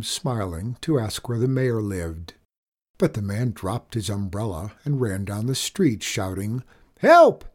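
A man reading a children's storybook aloud in an expressive, measured way. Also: medium pitch.

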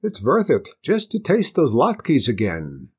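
A gullible village man , put on by a male storyteller, squeaks out his lines high and full of wonder, stretching words slowly. The voice is a little husky and swoops widely. It is a storybook reading. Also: wildly swooping pitch, heavily acted. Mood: amazed.

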